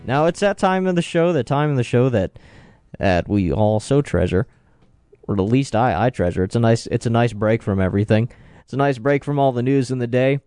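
A man's voice: mid-range voice, animated, brisk, darkish tone, smooth, no echo, soft background music. A man hosting a radio talk show, reading odd news stories aloud with joking asides.

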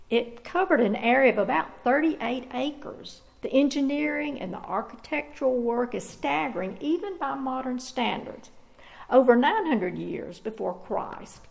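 A woman pastor delivers a sermon in a measured, earnest manner. Her voice sits a little higher than most and carries a gravelly, creaky texture. She paces her words with deliberate pauses. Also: a little mellow, poor audio.

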